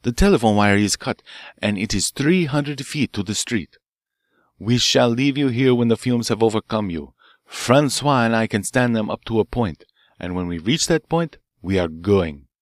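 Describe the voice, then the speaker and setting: A man reading an audiobook, voicing an excitable, vengeful French professor with a French accent who shouts menacingly. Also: lowish voice, moderate pace, dry recording, clean studio sound, lightly acted.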